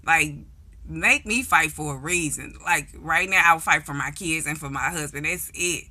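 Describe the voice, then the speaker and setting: A young woman with a St. tells stories to her vlog in a bright, slightly low voice. She is blunt and profane, and she animates her stories by acting out the people she quotes. Her delivery is casual and unscripted. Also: normal speed. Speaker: vlogger. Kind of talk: casual storytelling monologue.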